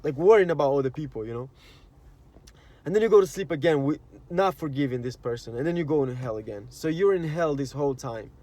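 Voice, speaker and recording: Animated and fairly quick, a slightly high, warm-toned man holds forth as a spiritual vlogger. His sincere, meandering talk uses casual slang, constant "you know" and "like," and performed inner voices.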